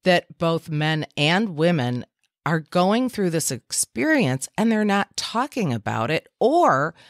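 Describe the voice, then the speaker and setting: Slow, low-voiced woman hosting a podcast. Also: sing-song, no echo, clean studio sound. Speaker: podcast host. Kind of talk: casual interview chat.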